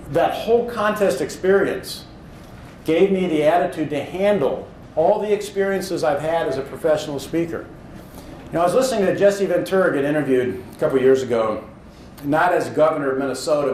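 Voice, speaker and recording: A man who speaks professionally tells a motivational story about his own career in an earnest, animated way, now and then acting out his own thoughts. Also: a little high, echoey room, a little hiss or hum, poor audio.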